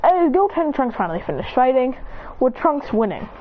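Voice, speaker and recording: A woman's voice: sits high, very animated, a little fast, phone-quality sound, a little hiss or hum. A woman retelling a fan story in a breathless, run-on way with sound effects.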